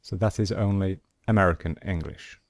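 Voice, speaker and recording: A man teaching English pronunciation, explaining sound symbols and saying example words one at a time with pauses between them. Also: sits low, creaky, dry recording, studio quality. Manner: slow and deliberate, pausing between example words. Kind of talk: slow instructional explanation.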